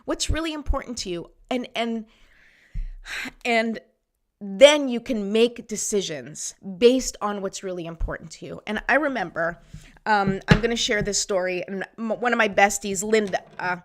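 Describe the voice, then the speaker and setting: Speaking at a normal pace in a mid-range voice, a woman host gives viewers a casual motivational talk. She's chatty and encouraging, often checking in with "right?", and her voice sometimes thins and gives out.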